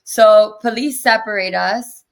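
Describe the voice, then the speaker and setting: A young woman in a sit-down interview, telling her own story with animation. She slips into the voices of the people she quotes. Her voice sits at a middle pitch. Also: a little slow, gravelly. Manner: animated retelling with acted quotes. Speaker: interview guest. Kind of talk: personal storytelling.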